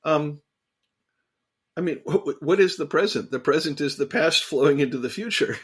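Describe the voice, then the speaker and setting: A man co-hosting a casual theological discussion, talking in an animated, emphatic way and repeating phrases for emphasis. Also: fairly high pitch, moderate pace, breathy edge. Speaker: podcast co-host.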